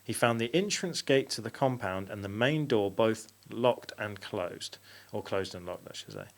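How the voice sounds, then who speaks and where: His voice is fairly low and creaky, and he moves at a moderate pace while hosting a podcast. In a casual chat he reads facts aloud, dropping in fillers and correcting himself along the way.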